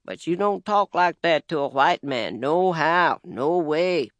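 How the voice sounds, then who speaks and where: A man with a Southern US accent narrating a first-person audiobook story in an unhurried, plainspoken, wry manner on a close studio mic. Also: a little high, lively intonation, fairly bright tone, dry recording.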